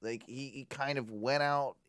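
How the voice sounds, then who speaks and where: A man co-hosting a casual podcast, giving emphatic, opinionated takes and thinking out loud. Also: mid-range voice, steady tone, measured pace, smooth. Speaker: podcast co-host. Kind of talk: casual chat.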